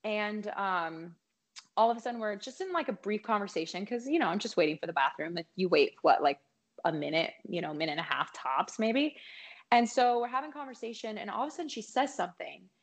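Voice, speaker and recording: A singer guesting on a podcast tells a long story in casual chat, her medium-pitched voice animated and fairly quick. She's chatty, full of fillers and "likes."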